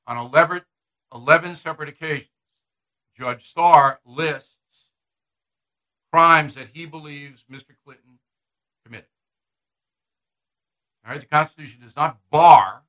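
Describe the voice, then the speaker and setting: A man's voice: a little high, a bit bright, low-quality recording. A man giving opinion commentary in a combative, emphatic and scornful manner.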